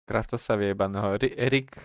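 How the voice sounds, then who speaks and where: A man's voice: fairly low pitch, fairly even intonation, fast, creaky, no room sound, studio quality. A man streaming, chatting casually and offhand while mumbling to himself.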